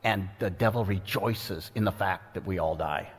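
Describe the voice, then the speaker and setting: A man's voice: moderate pace, husky. A man preaching a sermon with earnest, pointed delivery, reading scripture and explaining it verse by verse. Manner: earnest, pointed, dramatic shifts in pitch for quoted voices. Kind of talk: expository sermon. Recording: long reverb of a large hall.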